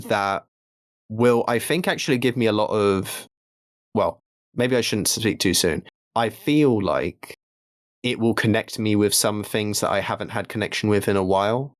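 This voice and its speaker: A man co-hosting a casual podcast chat, speaking haltingly with many restarts. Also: on the low side, dry recording, studio quality. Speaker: podcast co-host.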